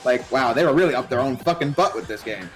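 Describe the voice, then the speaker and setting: A young man streaming and chatting casually, telling lively stories, laughing often and swearing freely. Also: mid-range voice, fast, faint music behind. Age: young adult. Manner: animated storyteller who laughs a lot, swears. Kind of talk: casual chat.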